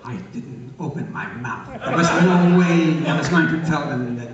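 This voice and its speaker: A man's voice: fairly high pitch, moderate pace, over a noisy crowd. Older man telling wry stories in an echoey hall. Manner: wry, teasing storyteller with many hesitations. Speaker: guest answering audience questions. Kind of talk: live Q&A. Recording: echoey hall, far from the mic, dull sound.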